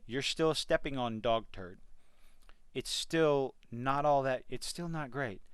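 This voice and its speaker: A man's voice: mid-range voice, slow, fairly bright tone, clean tone, dry recording. A man giving an exasperated, sarcastic rant in a video review of a TV series. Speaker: TV review vlogger.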